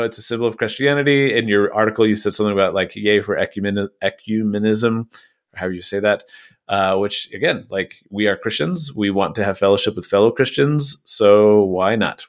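Rambling man with a low voice. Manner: rambling, lots of fillers and restarts. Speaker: podcast co-host. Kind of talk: casual podcast discussion.

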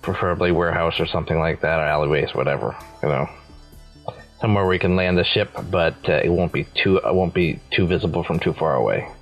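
A man's voice: sits low, fast talker, faint music behind. A man playing a tabletop role-playing game, laid-back and prone to chuckling as he plans. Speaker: player.

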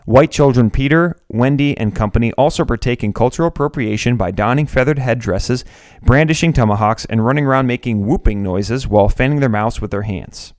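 A man's voice: medium pitch, a little fast, darkish tone, no echo, clean studio sound. A man hosting an essay podcast, reading aloud and reacting in disbelief, with frequent stammered restarts. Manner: incredulous, stammering restarts when worked up. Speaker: podcast host.

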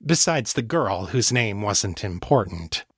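A man's voice: fairly low pitch, expressive, measured pace, fairly bright tone, husky, dry recording, full character voice. Brief: stern woman interrogator read by a man, curt and sour, dry recording. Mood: cold. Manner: curt, acidic. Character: stern female agent, hostile interrogator.

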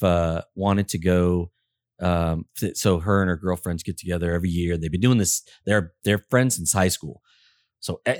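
Man, middle-aged, low voice, rambling, casual podcast chat, dry close sound. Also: dry recording. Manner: rambling, full of restarts and fillers. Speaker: podcast co-host, auto service consultant.

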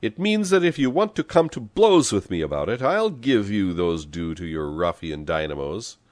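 A man's voice: deep voice, big pitch swings, a little slow, no echo. A man playing a fiery scolding priest. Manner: scolding, sharp. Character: fiery combative village priest, sharp-tongued.

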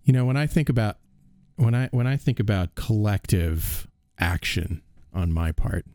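A man's voice: on the low side, animated, moderate pace, mellow, dry recording, clean studio sound. A man hosting a casual interview, curious and musing, laughing often. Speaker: host.

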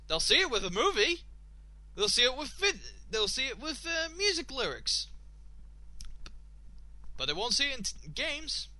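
A man hosting a radio show, ranting and swearing in exasperation, his voice slightly hoarse. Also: very high-pitched, pushed and bright. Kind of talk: casual solo radio talk.

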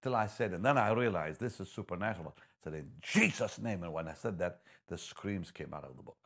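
Gravelly deep-voiced male preacher. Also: animated, a little fast. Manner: swings between hushed storytelling and loud emphatic preaching. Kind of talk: sermon with personal testimony.

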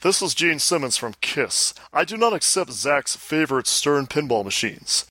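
A man's voice: on the high side, big pitch swings, normal speed, pushed and bright, dry recording, exaggerated voice. A man putting on a boastful, pompous rock star impression on a podcast.

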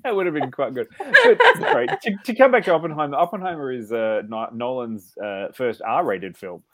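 A man's voice: medium pitch, sing-song, moderate pace, fairly bright tone, a little hiss or hum. Wry man chatting on a podcast. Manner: wry, sarcastic, rambling with restarts. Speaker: podcast co-host. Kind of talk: casual chat.

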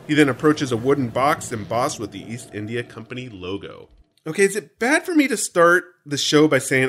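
A man's voice: a little high, sing-song, brisk, fairly bright tone, a little hiss or hum. An American man co-hosting a podcast in a jokey, playful, theatrical chat. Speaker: podcast co-host.

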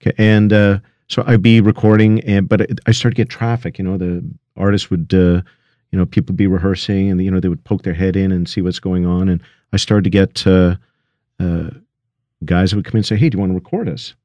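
A middle-aged man with a very deep, low voice recounts his early days as a recording engineer. He talks in a halting way, full of restarts and fillers. The sound is dry and close, with no room around it. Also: little pitch movement, dark tone, no echo, lo-fi sound. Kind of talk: storytelling interview.

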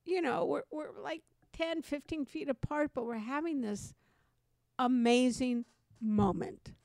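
A woman co-hosting a podcast, telling a personal story in an animated, conversational way. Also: high-pitched, a little slow, no room sound, clean studio sound. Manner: animated, acts out quoted voices. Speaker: podcast co-host.

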